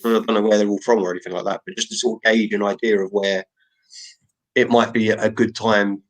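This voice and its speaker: A man's voice: on the low side, level tone, brisk. A man co-hosting a live podcast, asking rambling, hesitant questions with lots of filler words. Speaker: podcast co-host. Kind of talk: casual chat on a live stream.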